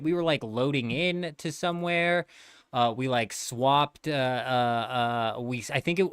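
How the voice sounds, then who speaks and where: A man's voice: medium pitch, a little slow, fairly bright tone, smooth, no room sound, clean studio sound. A man in his thirties chatting casually on a gaming livestream, laid-back and rambling, swearing freely.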